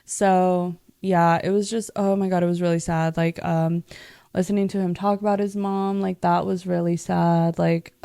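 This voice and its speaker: Young woman, gravelly, rambling casual chat. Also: on the low side, mellow, dry recording, clean studio sound. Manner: rambling, profane, heavy use of "like". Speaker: podcast host.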